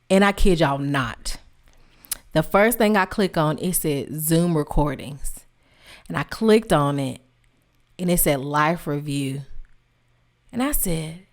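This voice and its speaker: A woman with a notably low voice hosts a heartfelt tribute podcast. She talks straight to her listeners with open emotion and repeats her key phrases for emphasis. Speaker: podcast host.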